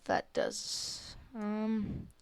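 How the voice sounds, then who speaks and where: A woman walking through a software drawing tutorial in a casual, hesitant way, with many fillers and self-corrections. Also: mid-range voice, huge pitch swings, drawn-out words, clean tone. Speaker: tutorial creator. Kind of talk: screen-recorded software tutorial.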